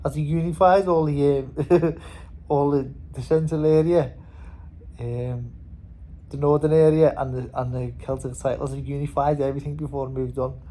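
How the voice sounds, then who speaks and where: A man's voice: fairly high pitch, steady tone, normal speed, mellow, low-quality recording. A young man with a Scouse accent, a boxer rambling casually in a vlog, swearing and laughing as he talks. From Liverpool, England. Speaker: boxer and vlogger.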